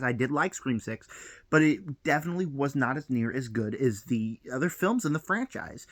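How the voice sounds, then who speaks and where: A man's voice: mid-range voice, fairly bright tone, dry recording. A young man ranting on a film vlog, heated and exasperated, piling up rhetorical questions. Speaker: film vlogger.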